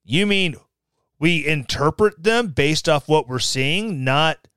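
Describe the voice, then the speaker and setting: A man with a high, lively voice hosts a podcast, reading an article aloud and cutting in with sarcastic remarks. His tone is smooth and clear. The sound is dry and close, with no room echo. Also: takes it slowly. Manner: sarcastic, reads articles aloud with mocking asides. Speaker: podcast host. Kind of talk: casual commentary.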